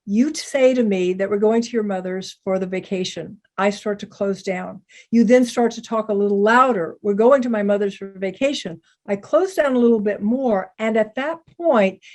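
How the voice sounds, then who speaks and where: A woman teaching communication skills, talking in a measured, gentle way as she walks through an example step by step. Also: mid-range voice. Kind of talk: calm instructional talk.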